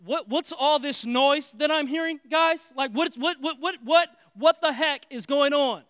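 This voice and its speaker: A man voicing an indignant, hardworking older brother who loudly complains and repeats himself in outrage. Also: extremely high pitch, a little slow, no room sound, clean studio sound, big-room sound, pitched above the performer's own voice.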